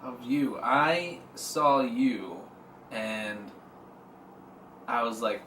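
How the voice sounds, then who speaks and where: A man's voice: medium pitch, very slow, pauses often, a bit bright. A man co-hosting a casual comedy podcast, joking and teasing his partner. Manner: mock-angry ranting, joking. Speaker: podcast co-host. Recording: roomy and distant from the mic, faint noise.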